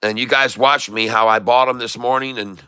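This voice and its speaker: A man giving live stock trading commentary, excitable, repeating his sell calls to viewers and joking in broken Spanish. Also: mid-range voice, normal speed, clear, resonant tone, no room sound. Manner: jokey, mixes in broken Spanish.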